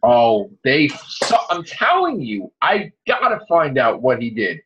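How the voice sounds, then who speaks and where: A man's voice: mid-range voice, huge pitch swings, unhurried, a bit bright, a little hiss or hum. A man hosting a casual podcast, ranting heatedly and swearing a lot. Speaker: podcast host. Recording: dull lo-fi podcast audio.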